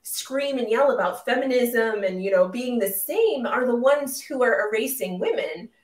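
A woman hosting a podcast, her fairly high voice animated and opinionated as she restarts points with repeated words. The sound is roomy and she sits somewhat back from the mic. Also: normal speed, far from the mic. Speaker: podcast host. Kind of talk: conversational podcast interview.

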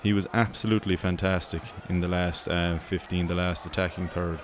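A man's voice: sits low, little pitch movement, brisk, slight background noise. An Irish man hosting a show, giving joking, profane mock sports commentary in rambling banter. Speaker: host.

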